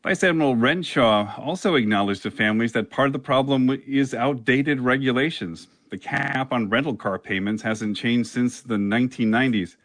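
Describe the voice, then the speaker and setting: A male reporter giving a measured news report in a plain, steady delivery. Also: medium pitch, dry recording.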